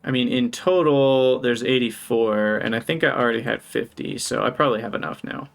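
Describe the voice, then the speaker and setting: Male live streamer with some vocal fry, mid-pitched, talks through his plans and greets chat cheerfully. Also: a little fast. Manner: thinks aloud while planning, brightens to greet chat. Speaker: game streamer. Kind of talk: live gameplay commentary.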